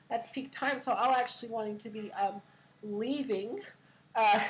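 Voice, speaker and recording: A woman from California hosting a casual livestream chat, laughing a lot and filling pauses with "uh". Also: medium pitch, a little hiss or hum, low-quality recording. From California, USA. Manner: laughs a lot, friendly, drawn-out fillers. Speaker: host.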